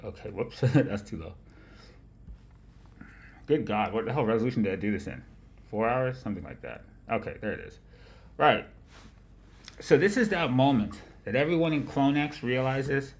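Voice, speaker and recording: A man hosting a casual livestream about markets, with a nasal voice, rambling, swearing often and laughing loudly. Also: mid-range voice, very animated, moderate pace, long pauses. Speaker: livestream host of a market analysis show. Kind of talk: casual profane chat.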